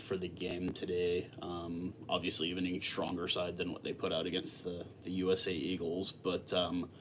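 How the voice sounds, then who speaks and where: Laid-back low-voiced man chatting live. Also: moderate pace, a little hiss or hum. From lives in Texas. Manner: relaxed, rambling, many fillers and restarts. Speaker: livestream host. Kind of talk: casual live chat with viewers.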